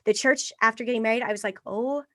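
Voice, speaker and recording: A woman in her thirties, a podcast guest speaking candidly in an interview and bringing her past thoughts to life with animated quoted voices. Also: a little high, rapid-fire, no echo, clean studio sound.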